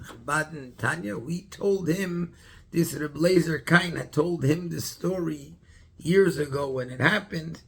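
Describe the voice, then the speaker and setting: A rabbi tells a story in a Torah class with a gravelly, husky voice. He stops often to hunt for words and restarts his sentences. His voice sits fairly high for a man. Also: fairly bright tone. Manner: halting, searching for words, many restarts.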